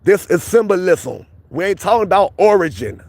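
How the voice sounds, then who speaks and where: A man livestreams outdoors near a police station, arguing insistently with his chat and repeating his points. His voice is high-pitched and sing-song, a little mellow, at a moderate pace.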